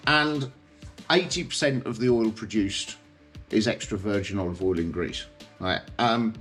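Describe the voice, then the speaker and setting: A man with a British accent hosting a casual explainer, talking in a chatty way and often checking in with the listener. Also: medium pitch. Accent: British English. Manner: chatty, checks in with tag questions like okay and yeah. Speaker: host.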